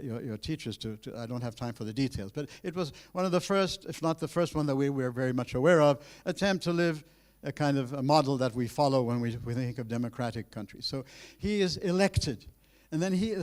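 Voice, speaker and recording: Addressing his students directly, a medium-pitched man lectures at a university with animated emphasis and frequent restarts.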